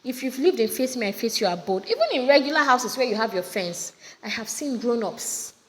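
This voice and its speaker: A high-voiced woman speaking Nigerian English teaches a poem in a casual, spirited way, throwing questions to her students. The lesson was taped at home with generators nearby. You can hear reverb and a faint generator drone.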